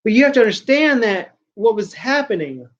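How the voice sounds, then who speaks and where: A man hosts a casual podcast talk show, ranting and rambling with plenty of swearing. His very high, sing-song voice moves a little fast, and the recording has a dull lo-fi sound.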